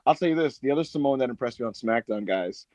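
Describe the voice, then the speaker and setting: A man co-hosting a podcast, recapping and joking in profane, animated chat. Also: mid-range voice, fast, no echo. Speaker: podcast co-host. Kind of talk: casual chat.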